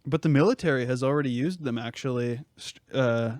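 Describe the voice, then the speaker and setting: A man's voice: mid-range voice, a little fast, darkish tone, dry recording, clean studio sound. A young man co-hosting a podcast in casual chat, rambling and joking with lots of fillers and restarts. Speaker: podcast co-host.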